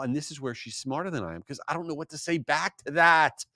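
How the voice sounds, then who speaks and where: A middle-aged man hosting his podcast, talking in a casual, animated storytelling way. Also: quick pace, dry recording, studio quality. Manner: animated storytelling, rising to exasperated high pitch. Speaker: podcast host. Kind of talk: casual solo podcast monologue.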